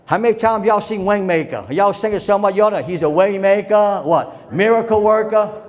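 A man with a high-pitched voice preaching a sermon with fire. He moves from quiet, low asides up to shouted exhortations and leads the crowd in call and response. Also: moderate pace. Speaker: pastor.

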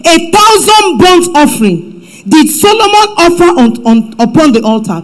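A woman's voice: high-pitched, sing-song, normal speed, rough recording. Emphatic Nigerian woman preaching. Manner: emphatic preaching, swings from loud to hushed, mixes in Yoruba phrases. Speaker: pastor. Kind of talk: sermon. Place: church.

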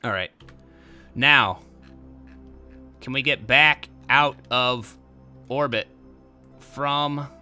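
A young man commentating a game he is playing, his voice very bright and smooth. He talks casually and gets excitable, breaking into loud exclamations, with faint game music underneath. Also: medium pitch, very slow, long pauses. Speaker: gameplay commentator. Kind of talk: casual let's-play commentary.

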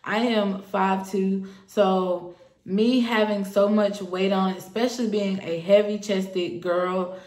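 A woman's voice: medium pitch, fairly even intonation, takes it slowly, darkish tone. Woman vlogger, candid and personal, talks to camera in a roomy space. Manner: earnest, personal, hopeful. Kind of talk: casual talk to camera. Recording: echoey room.

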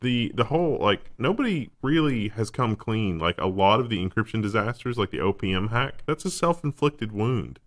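A man's voice: lowish voice, animated, moderate pace, hardly any pauses. A man co-hosting a tech news show, casually reading headlines and adding dry, wry remarks.

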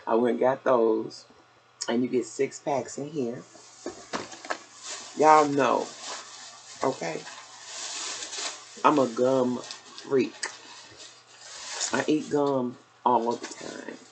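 An older woman talks her viewers through a shopping haul in slow, unhurried sentences, calling them y'all. Her voice is gravelly, and she sounds a little out of breath. A steady hiss of noise sits under the recording. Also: extremely low pitch, rough recording. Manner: chatty, down-home, addresses viewers as y'all. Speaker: vlogger. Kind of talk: casual haul video chat.

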